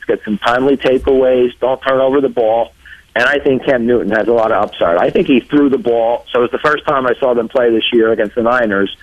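A man from New Jersey calling in to a sports talk show, friendly and measured as he talks football. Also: mid-range voice, no echo. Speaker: caller. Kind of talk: phone-in sports chat. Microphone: telephone. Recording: dull phone line.

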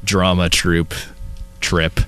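Joking young man, low voice. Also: very slow, clear, resonant tone, dry recording. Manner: joking, deadpan teasing. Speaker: podcast co-host. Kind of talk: casual chat.

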